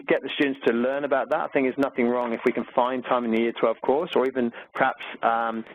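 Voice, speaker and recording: Here an Australian man, a maths teacher, chats through exam questions on a webinar, upbeat and using lots of fillers. His voice is medium in pitch, captured in dry, tinny, phone-like audio.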